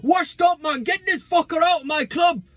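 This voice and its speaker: A man putting on a ranting male football fan, shouting and mocking. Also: very high-pitched, moderate pace, no room sound, voice pushed up.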